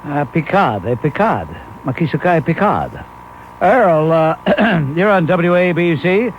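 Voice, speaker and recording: A man's voice: a little high, animated, unhurried, slight background noise. A man hosting a call-in talk radio show, blunt and dismissive as he scores callers. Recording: 1991 AM radio broadcast, muffled.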